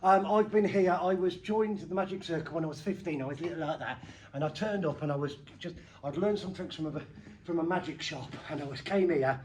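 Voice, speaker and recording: Excitable high-voiced comic magician. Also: male voice, fairly quick, a little hiss or hum. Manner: excitable and playful, with sudden loud bursts and jokey asides. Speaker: comedy magician. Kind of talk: stand-up magic act with audience banter.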